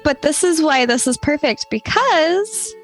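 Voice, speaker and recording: A woman's voice: high-pitched, lively intonation, measured pace, soft background music. Giggly, chatty woman co-hosting. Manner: giggly, chatty, trails off mid-sentence. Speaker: podcast co-host. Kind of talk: casual gaming podcast chat.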